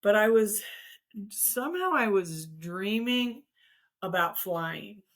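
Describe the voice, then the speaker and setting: A woman's voice: mid-range voice, lively intonation, slow. A middle-aged woman hosting a casual conversation, telling a personal story with many restarts. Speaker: host.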